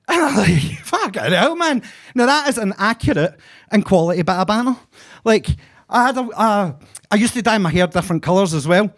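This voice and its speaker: A flamboyant Glaswegian man in his forties works a comedy club crowd with a high, camp voice. He swears freely and plays up his own manner for laughs, talking into a handheld mic on a basement stage. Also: animated, moderate pace, creaky, long pauses. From Glasgow, Scotland. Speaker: stand-up comedian. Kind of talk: stand-up set.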